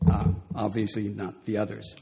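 A man's voice: lowish voice, flat delivery, dark tone. Wry older man speaking in a reverberant hall. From Southern California, USA. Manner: wry, measured, reads aloud with expression. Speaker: speaker on children's literature. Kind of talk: lecture with read-aloud passages.

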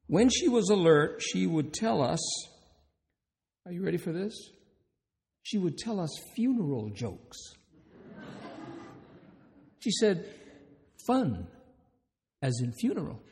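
A gravelly male chaplain speaks from a stage, his voice sitting a bit high for a man. He tells stories with dry humor and keeps asking the audience questions. A long reverb trails behind him in the conference hall. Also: sing-song, takes it slowly, long pauses, darkish tone. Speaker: hospice chaplain and minister. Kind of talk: conference talk with storytelling.

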